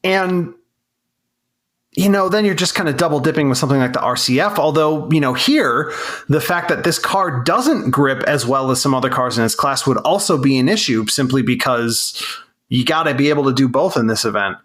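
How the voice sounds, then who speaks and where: A man's voice: mid-range voice, lively intonation, moderate pace, fairly bright tone. A man co-hosting a casual car podcast, rambling and reasoning aloud with frequent restarts. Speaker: podcast co-host.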